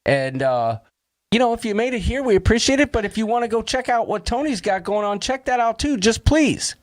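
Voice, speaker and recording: A man's voice: high-pitched, expressive, brisk. A man hosting a casual livestream chat, jokey and upbeat, reading out viewers' names and throwing in puns. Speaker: host.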